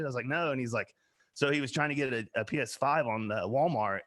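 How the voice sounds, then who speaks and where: A man, co-hosting a podcast in casual chat, telling stories loudly with plenty of laughter and swearing. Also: mid-range voice, fast talker. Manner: loud, laughing storyteller, swears freely. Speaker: podcast co-host.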